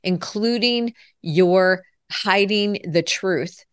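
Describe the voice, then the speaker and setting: A woman's voice: mid-range voice, extremely slow, smooth, no room sound, clean studio sound. A woman lifestyle coach answering interview questions in an earnest, reflective way, with frequent "you know" asides.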